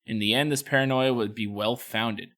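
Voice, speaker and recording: A man's voice: on the low side, steady tone, moderate pace, fairly bright tone. A man co-hosting a true-crime podcast, reading out case notes and joking between them. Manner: reads case notes, then jokes and chats.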